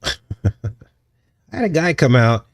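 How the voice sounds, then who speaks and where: A man's voice: mid-range voice, big pitch swings, slow pace. A man hosting a casual livestream, rambling and chuckling as he answers his viewers' chat. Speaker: channel host.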